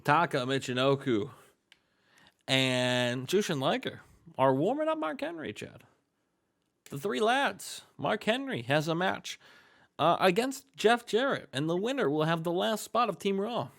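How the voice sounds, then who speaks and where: A man's voice: sits high, animated, a little slow, gravelly, fairly bright tone. A man casually narrating wrestling game results to a co-host, joking and swearing freely with hype-man flair. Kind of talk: casual gaming commentary.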